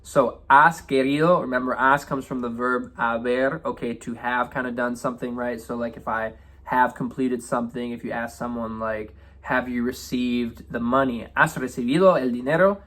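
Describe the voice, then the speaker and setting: Male language teacher, mid-pitched, loose and chatty as he walks through lyrics. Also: normal speed, few pauses. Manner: relaxed, repeats "right?" and "okay?" often. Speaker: Spanish teacher. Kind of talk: explaining song lyrics.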